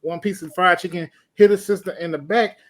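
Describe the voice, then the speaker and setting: A man's voice: high voice, steady tone, brisk. A man co-hosting a casual show, telling a news story with playful jokes. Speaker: co-host. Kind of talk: casual podcast banter.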